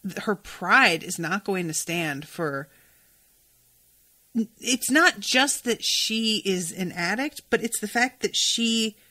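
Bright-voiced woman recapping casually. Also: mid-range voice. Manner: chatty, swears freely, reads quoted dialogue aloud. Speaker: podcast host recapping a TV episode.

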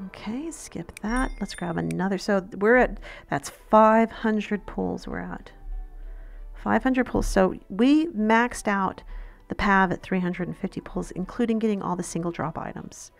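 Brief: female gaming host, slightly gravelly voice, chatty, talks straight to her audience. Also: medium pitch, measured pace, faint music behind. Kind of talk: casual game commentary.

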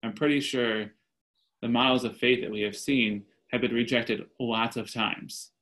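A man's voice: mid-range voice, steady tone, a little slow, fairly bright tone, poor audio. A man speaking as a panelist, earnest, telling stories and quoting voices, heard over a video call. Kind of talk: panel discussion.

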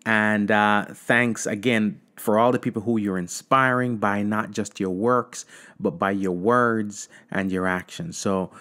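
A man's voice: lowish voice, fairly even intonation, measured pace, pushed and bright. A man hosting a podcast, thanking his guest effusively and repeating words for emphasis. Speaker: podcast host. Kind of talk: casual podcast sign-off.

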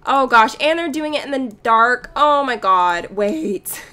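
A young woman chatting and giggling through casual game commentary, reacting loudly to what happens on screen. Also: a little high, expressive, takes it slowly, clean tone. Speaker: let's play gamer.

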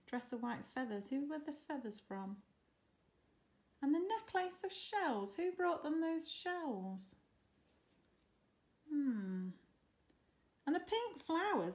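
A woman teacher reads a picture book aloud for children's story time, pausing often to ask the listeners questions. Her voice is high and very animated in pitch. She takes her time over every line. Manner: expressive, asks children questions.

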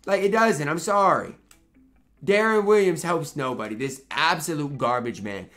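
Young man, gameplay commentary, bright forceful voice, frustrated ranting, slightly high pitch, faint music underneath. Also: normal speed. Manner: frustrated ranting, talks to himself between plays. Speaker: gaming YouTuber.

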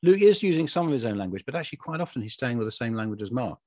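A man's voice: mid-range voice, very animated, racing, dark tone, no room sound, clean studio sound. A man co-hosting a casual talk on a Bible passage, thinking aloud with restarts and little laughs. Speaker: podcast co-host.

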